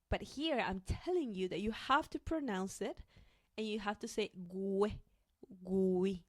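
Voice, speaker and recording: Slow, careful woman teaching pronunciation. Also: mid-range voice. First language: Spanish. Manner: slow, careful modeling of sounds for repetition. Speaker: Spanish teacher. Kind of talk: language lesson.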